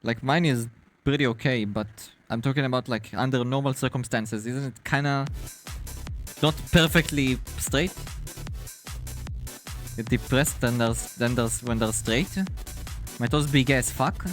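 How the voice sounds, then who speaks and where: A male VTuber streamer chatting casually with his viewers, animated, laughing often and swearing freely. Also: mid-range voice, unhurried, long pauses, faint music behind. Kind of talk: casual live-stream chat.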